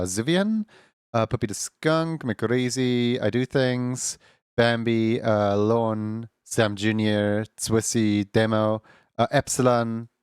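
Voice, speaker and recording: Man, live-stream host, casual chat, repeats words, laughs a lot, crisp voice, no room echo. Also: medium pitch, studio quality.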